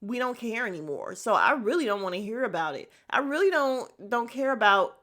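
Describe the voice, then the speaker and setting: A woman's voice: fairly high pitch, big pitch swings, brisk, a bit bright. A woman hosting a podcast and recapping a reality show in casual chat. She is candid and blunt, swears freely, drifts into tangents and addresses her listeners directly. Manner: candid, gossipy and blunt, with frequent profanity; drifts into tangents and self-aware asides to listeners.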